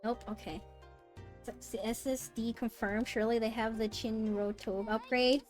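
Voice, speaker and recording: A woman streaming a game, chatting casually, swearing often and jumping from low mutters to squealing disbelief. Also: steady tone, moderate pace, darkish tone. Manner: swings from mumbled muttering to high yelps of disbelief, swears often. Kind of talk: casual live-stream chat while gaming. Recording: faint music behind. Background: faint background music.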